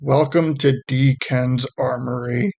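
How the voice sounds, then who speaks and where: A man's voice: mid-range voice, steady tone, takes it slowly, a little mellow. A man voicing a goofy grown shopkeeper who sounds sheepish and deflated. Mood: defeated.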